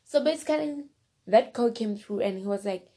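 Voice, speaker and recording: This woman speaks at a normal speed with a fairly high, mellow voice and lively intonation. She tells a personal story casually, rambling, repeating phrases and fillers, and often addressing the listener directly.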